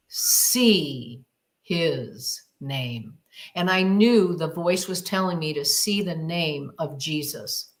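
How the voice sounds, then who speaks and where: A woman guest on a podcast, retelling a personal experience in a vivid, emphatic way with repeated phrases. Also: lowish voice. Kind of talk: dramatic personal storytelling.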